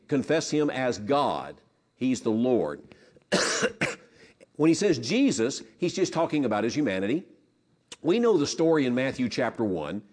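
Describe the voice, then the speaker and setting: A man's voice: medium pitch, a little mellow. A man teaching a Bible lesson, earnest, repeating words and putting questions to his listeners.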